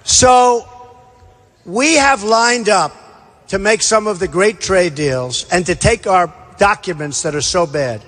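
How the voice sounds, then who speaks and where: Guy with a high voice doing a rally speech, bragging, repeats himself, big echoey hall. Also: lively intonation, slow pace, fairly bright tone. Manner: boastful, repetitive, punchy emphasis. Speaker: political candidate at a rally. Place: large indoor rally venue. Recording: long hall reverb at a rally.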